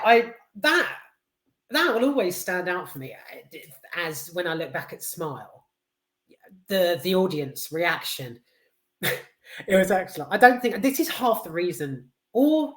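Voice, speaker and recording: A woman giving a casual, enthusiastic film review, rambling and hesitant with lots of fillers, restarts and casual swearing. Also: medium pitch. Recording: roomy echo.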